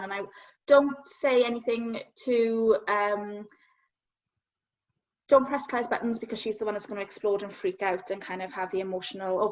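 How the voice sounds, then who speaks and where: Earnest woman on a dull line. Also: medium pitch. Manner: earnest, halting, self-searching. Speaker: guest. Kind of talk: personal storytelling in interview. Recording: dull lo-fi sound.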